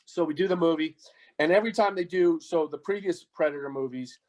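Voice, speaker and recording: A man's voice: fairly high pitch, brisk, a little mellow, rough recording. A middle-aged man from the United States, a podcast guest and goalkeeper coach, telling long casual stories with plenty of fillers and restarts. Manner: rambling anecdotes with many fillers and restarts. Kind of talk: casual storytelling interview.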